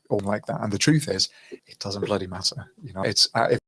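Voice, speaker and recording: Low-voiced man from Greece chatting. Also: fairly quick, fairly bright tone, breathy edge, low-quality recording. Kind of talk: casual chat.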